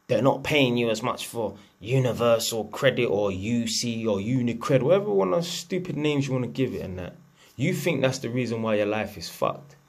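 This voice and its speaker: A man, delivering a blunt, profane, lecturing rant to camera as a vlogger. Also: medium pitch. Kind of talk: unscripted ranting monologue.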